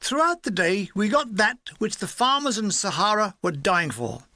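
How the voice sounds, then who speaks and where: A man reads his own memoir aloud in a wry, comic deadpan way. His voice is fairly high and bright, and the sound is close and dry. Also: moderate pace, no echo. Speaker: author and narrator. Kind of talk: audiobook memoir narration.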